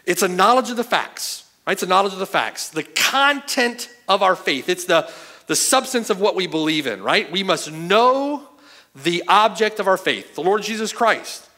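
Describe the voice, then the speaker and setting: Animated high-pitched man preaching a sermon. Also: moderate pace. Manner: emphatic, asks the hearers "right?" and "okay?" often. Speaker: pastor. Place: church sanctuary.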